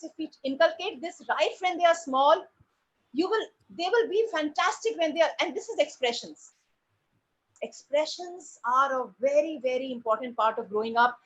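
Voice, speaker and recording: Woman drama teacher, lively high voice, dull lo-fi sound; pausing deliberately, stressing key words. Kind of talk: presentation to parents. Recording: dull lo-fi recording.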